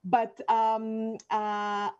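A woman with a slightly higher voice moderates an online session. She asks her guest questions in a friendly, encouraging way. The audio is dull and lo-fi. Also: completely flat delivery, extremely slow, darkish tone, clear, resonant tone. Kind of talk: online panel interview.

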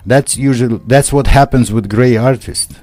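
An older man, a poet guest on a radio show, speaking haltingly with many fillers and formal wording. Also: mid-range voice, darkish tone. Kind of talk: radio interview. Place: radio studio.

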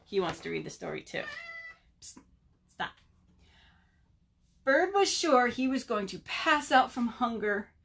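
A woman, a children's librarian, reading a story aloud at home for a virtual storytime, expressive and talking directly to the kids. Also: on the high side, moderate pace, vocal fry, hardly any pauses.

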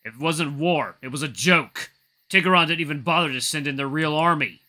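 A blunt, weary wolf chief lays out his case in a firm, lecturing tone, as a man reads his lines. The voice is bright and fairly high for a man, with a piercing edge. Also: normal speed. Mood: grim.

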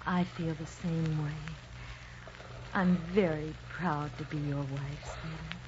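An actress playing an adoring young bride in an old radio drama. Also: female voice, deep voice, fairly even intonation, slow pace, background noise. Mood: happy. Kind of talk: 1940s radio acting. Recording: muffled old radio broadcast with music.

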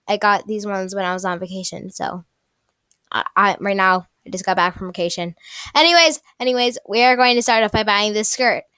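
A young woman giving casual gameplay commentary, excitable and gushing, often repeating herself and restarting. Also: mid-range voice, smooth, no echo, studio quality. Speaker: gaming YouTuber.

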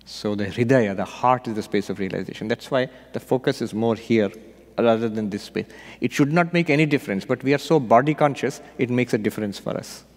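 A man, a monk and spiritual teacher, giving an unhurried meditation retreat talk with gentle storytelling and light humor. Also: mid-range voice. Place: retreat hall. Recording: long hall reverb.

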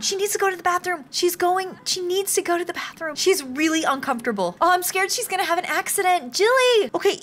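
A woman's voice: very high-pitched, a bit bright. A young woman narrating a life-sim game story in a bubbly, exclamatory way, with gasps and lots of reactions. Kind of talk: casual game commentary.

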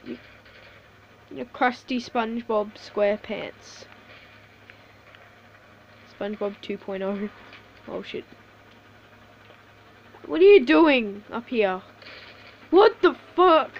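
A woman giving casual live commentary over a shooter game, swearing a lot, laughing often and reacting excitably. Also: on the high side, takes it slowly, vocal fry, pauses often, muffled recording, a little hiss or hum. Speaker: gameplay commentator.

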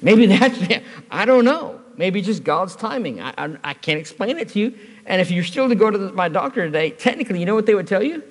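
A man preaching at a church service, his voice pitched a little high and swinging widely as he tells a story with easy, joking asides. The sound carries the long reverb of a church hall. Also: lively intonation, a little fast. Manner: conversational storytelling with humor. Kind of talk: sermon.

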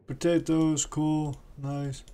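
A man narrates his own gameplay in an easy, rambling way, talking to himself and to the creatures on screen. His voice sits a little high for a man. Faint keyboard clicking stays under his talk. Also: flat delivery, slow, warm tone, a little hiss or hum. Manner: chatty, talks to himself and game creatures. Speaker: gamer streamer. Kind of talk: casual gameplay commentary.

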